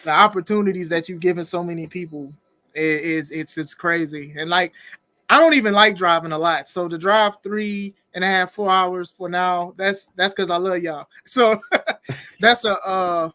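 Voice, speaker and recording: A man hosting a podcast interview in casual chat, animated and laughing often, reading viewer comments aloud. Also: high voice, normal speed, no echo. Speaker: podcast host.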